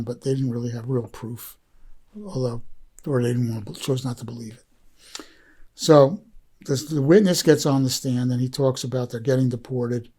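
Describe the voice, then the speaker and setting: A documentary filmmaker appearing as a podcast guest tells a story casually, rambling and heartfelt, with plenty of fillers and restarts. His voice is mid-range with a darkish tone.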